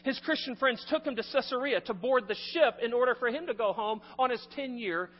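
A man preaching a sermon as pastor, animated, swinging between loud emphasis and quiet asides. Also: extremely high pitch, a little fast. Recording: muffled recording in a reverberant hall.

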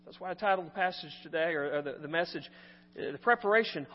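A man preaching a sermon as pastor, animated, swinging between loud emphasis and quiet asides. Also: a little high, quick pace. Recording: muffled recording in a reverberant hall.

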